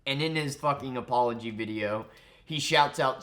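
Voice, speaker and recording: A man's voice: medium pitch, normal speed, fairly bright tone. A man ranting angrily in a commentary vlog, profane and mocking. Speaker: commentary vlogger.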